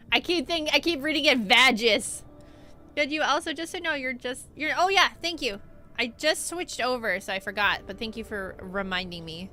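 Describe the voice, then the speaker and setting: Young woman gamer streamer, playful and chatty, highish bright voice. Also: normal speed, long pauses, soft background music. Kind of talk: casual gaming stream chat.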